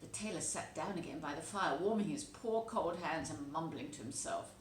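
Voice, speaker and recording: A woman teacher reading a children's storybook aloud, telling it with expressive, animated delivery. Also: deep voice, normal speed, few pauses. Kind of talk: storybook read-aloud narration. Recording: echoey room, faint background noise.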